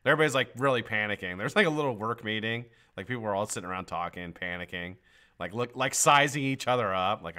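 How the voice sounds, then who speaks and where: A man's voice: medium pitch, animated, quick pace, bright, forceful tone. A man hosting a casual live stream. He chats loosely, swears a lot and laughs often. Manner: profane, joking, laughs often. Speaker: livestream host.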